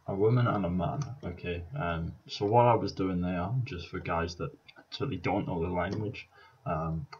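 Here a Scottish vlogger gives relaxed let's-play commentary on practicing with a language app, reasoning aloud and chuckling at his slip-ups. His voice is low and husky, captured on a muffled recording.

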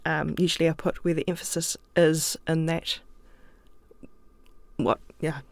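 A New Zealand author and playwright sits for a relaxed podcast interview, her deep, gravelly, darkish voice delivered flatly and a little slowly. Thoughtful and chatty, she laughs readily and talks with her hands, captured by a studio microphone without echo.

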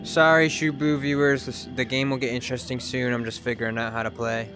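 A young man chatting excitedly to his viewers while streaming a game, swearing freely. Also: mid-range voice, a little fast, music in the background. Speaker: livestreamer. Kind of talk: casual live gameplay chatter.

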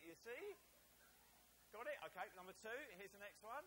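A man's voice: high voice, normal speed, slight background noise, low-quality recording. A man from Essex with an Essex accent, preaching a playful sermon and jokingly quizzing his congregation. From Essex, England. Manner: jokey, animated, teasing the congregation. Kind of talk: playful sermon with audience quiz.

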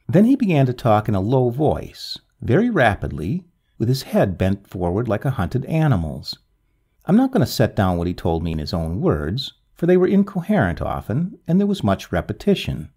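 A man reading a classic ghost story aloud, with dramatic storytelling and a gravelly, husky voice. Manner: dramatic storytelling with very lively swings in pitch. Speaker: narrator.

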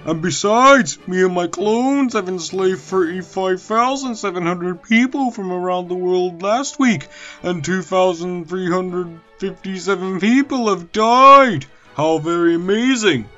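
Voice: medium pitch, measured pace, a bit bright, lightly acted. Someone voicing a gloating evil engine villainess. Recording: dull lo-fi audio, faint music.

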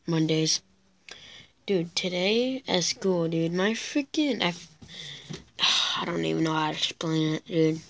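A woman's voice: on the low side, expressive, slow, pauses often, slight background noise, rough recording. A teenage girl chatting casually while playing a video game, rambling and mocking herself as she goes. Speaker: gameplay commentator. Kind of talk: casual gameplay commentary.

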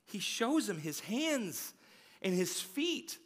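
Energetic preacher with a stammer, long reverb. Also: male voice, high voice, slow. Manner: energetic, conversational, occasional stammering. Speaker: pastor. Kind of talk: sermon. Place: large church sanctuary.

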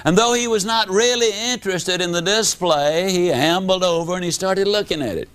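A man's voice: moderate pace, a bit bright, smooth. Folksy man telling a story. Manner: folksy, dramatic, wide pitch swings. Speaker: motivational speaker. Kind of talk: storytelling speech to an audience.

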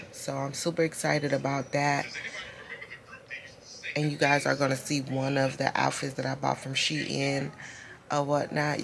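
A woman chatting casually on her vlog in a deep, gravelly morning voice, laid-back and loose with filler words. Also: slight background noise. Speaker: lifestyle vlogger.

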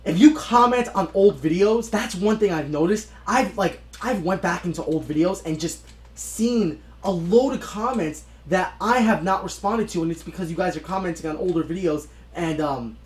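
A young man giving excitable live gameplay commentary, talking to his viewers and bursting into shouts at the game. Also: sits high, normal speed. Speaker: gaming YouTuber. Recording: roomy echoey room sound.

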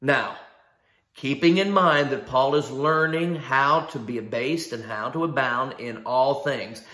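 A man's voice: mid-range voice, measured pace, bright, forceful tone, reverberant. A man preaching a sermon in an emphatic style, asking rhetorical questions and repeating key phrases. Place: church sanctuary.

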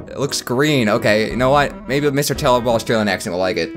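A man's voice: medium pitch, lively intonation, quick pace, a bit bright, faint music behind. A man giving live comedic gameplay commentary, rambling and stammering with self-mocking humor. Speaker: gaming YouTuber.

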